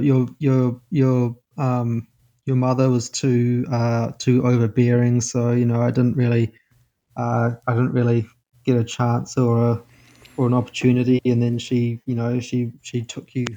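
A young man playing his own father in a role play, hesitant and deflecting, halting often. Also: medium pitch, completely flat delivery, mellow, muffled recording, natural voice. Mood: evasive. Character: caller's evasive middle-aged father, defensive.

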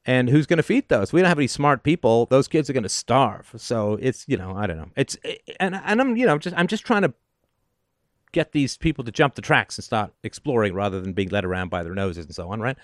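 A man's voice: mid-range voice, lively intonation, fairly quick, no room sound, clean studio sound. A man hosting a call-in show, giving advice in an emphatic, sardonic monologue and often asking "right?".

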